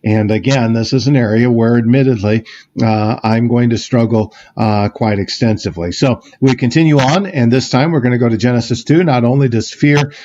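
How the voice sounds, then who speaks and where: Mellow-voiced man preaching a reflective sermon. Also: mid-range voice, normal speed, dull audio. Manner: reflective, with frequent fillers and restarts. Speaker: pastor. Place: church sanctuary.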